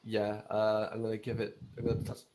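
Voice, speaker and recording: A man's voice: on the low side, monotone, fairly quick, mellow. A man playing a tabletop game who speaks tentatively and often asks questions. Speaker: player. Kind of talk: casual tabletop game chat.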